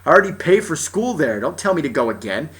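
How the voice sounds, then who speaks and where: A man's voice: fairly high pitch, sing-song, fast, a bit bright. A young man telling a personal story as an exasperated, profane rant, often restarting his sentences. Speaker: vlogger.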